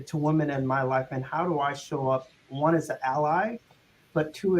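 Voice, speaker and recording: Male panelist, earnest and reflective, slightly high pitch, faint noise behind. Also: low-quality recording. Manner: earnest, reflective, pauses and restarts. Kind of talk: panel discussion.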